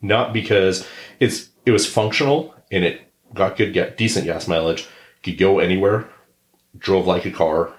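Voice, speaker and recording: A middle-aged man with a low, deep voice spins a casual story as a podcast co-host, acting out the people in it. His voice bounces around an echoey room. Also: normal speed. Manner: animated anecdote teller who acts out others' yelling. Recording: roomy echo.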